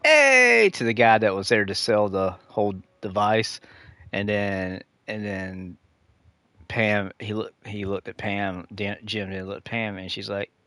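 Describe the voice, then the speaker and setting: A man streaming a game chats casually on a live stream, rambling off on tangents, easily sidetracked and laughing at his own stories. His voice is on the low side, a little slow and fairly bright, with little pitch movement and no echo.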